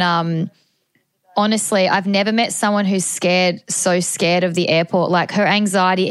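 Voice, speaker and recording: A woman's voice: fairly low pitch, smooth, no echo. An Australian woman in her thirties hosting a casual chat, chatty and full of asides. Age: 30s. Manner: chatty, many fillers and asides. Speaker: podcast host.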